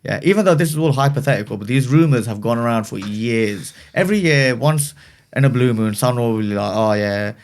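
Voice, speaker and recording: A man from Slough with a mid-range voice talks in a relaxed, slangy way on a podcast. He muses over his points and draws them out without hurrying. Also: medium pitch. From Slough, England. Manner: laid-back, slangy, drawn-out musing. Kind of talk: casual podcast chat.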